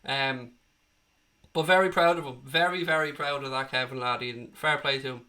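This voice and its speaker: A man's voice: mid-range voice, fairly even intonation, moderate pace, sharp tone. A man hosting a live fan stream, reading viewer comments, passionate and ranting, swearing freely, with a slight tickly cough. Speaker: fan channel host.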